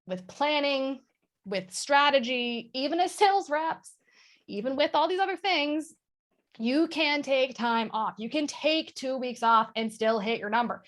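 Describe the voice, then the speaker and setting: A woman talking candidly as a guest on a video call, self-mocking and quick to laugh. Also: sits high, animated. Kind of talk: casual chat on a video call.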